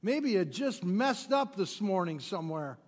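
A male pastor delivering a sermon, swinging from loud emphatic peaks to quiet low drops, with playful asides to the congregation. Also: sing-song, unhurried. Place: church sanctuary. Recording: long church hall reverb.

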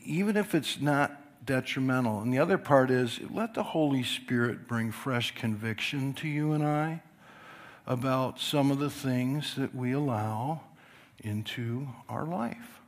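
An older man preaching a sermon to his church, chatty and apologetic, laughing as he goes. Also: mid-range voice. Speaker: pastor.

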